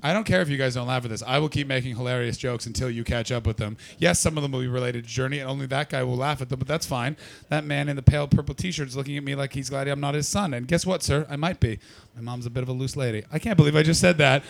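A man's voice: medium pitch, fast talker, gravelly, hardly any pauses. A man doing stand-up, brashly and profanely teasing the audience in crowd work. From not from Britain. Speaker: stand-up comedian.

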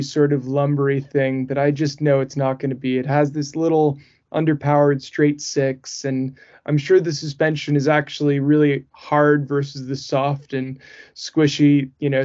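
A man's voice: on the high side, level tone, normal speed, a little mellow. Male podcast co-host, casual rambling chat, muffled lo-fi sound. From northeastern US. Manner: rambling, frequent fillers and restarts. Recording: muffled lo-fi audio.

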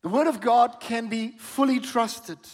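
A middle-aged male pastor preaching with a high, bright-pitched voice, full of storytelling and sudden exclaims to the people in front of him. His voice rings through a church hall with a long reverb tail. He talks warmly and urgently, pushing the congregation to respond. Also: measured pace. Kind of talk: sermon.

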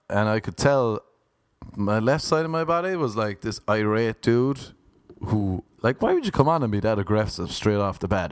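A man's voice: fairly low pitch, normal speed, clear, resonant tone, no room sound, clean studio sound. Ranting man telling a story. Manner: ranting, profane, animated. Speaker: vlogger. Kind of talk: casual storytelling to viewers.

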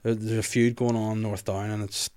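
A man's voice: on the low side, flat delivery, a little fast, a little mellow, clean tone. A man hosting a comedy podcast, chatting casually in a joking, rambling way with some swearing.

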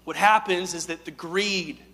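A man preaching a sermon in a high, lifted voice. He swings between loud emphatic lines and quiet, hushed asides. His voice carries a long hall reverb. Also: measured pace. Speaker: pastor.

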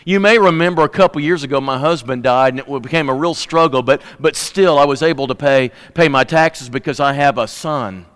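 Brief: dignified mourning widow, man voicing her, smooth and steady. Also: medium pitch, a little fast, few pauses, big-room sound, close to an everyday voice. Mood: grieving. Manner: firm, grieving.

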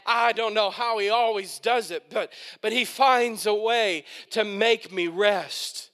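A man preaching with a very high, bright, ringing voice and an unhurried, drawn-out delivery. He builds fervently through repeated phrases and breaks into shouted peaks and excited whoops. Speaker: pastor. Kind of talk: sermon.

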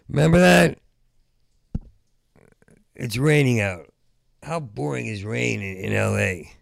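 Stand-up comic, male: heavy vocal fry, dry sound, stuttering and ranting. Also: medium pitch, dry recording. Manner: rambling, stuttering restarts, rising into loud rants. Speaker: stand-up comedian. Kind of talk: stand-up comedy set.

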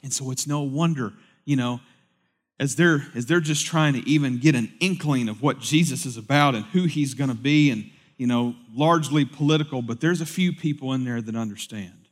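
A man preaching a sermon in a conversational way, swinging between loud, lively bursts and hushed, solemn stretches. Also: medium pitch, normal speed. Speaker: pastor.

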